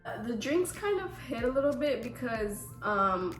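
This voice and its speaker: A woman's voice: on the high side, sing-song, moderate pace. Young woman vlogging, rambly chatty storytelling, echoey room w faint music behind. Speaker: YouTuber. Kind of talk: casual vlog Q&A and story time.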